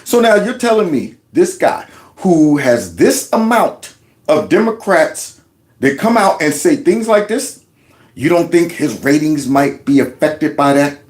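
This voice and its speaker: A man with a high voice that swings widely as he talks gives sarcastic reaction commentary on news clips. He fires off mocking rhetorical questions in an animated, needling way. His tone stays scornful and showy throughout. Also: a little slow. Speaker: commentary vlogger.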